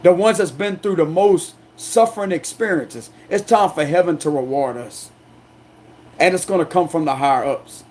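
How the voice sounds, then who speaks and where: A man working as a tarot reader delivers an angry, defiant monologue, loud, forceful, and aggressive, repeating himself to hammer his points home. His confrontational voice sits a little high, at a moderate pace.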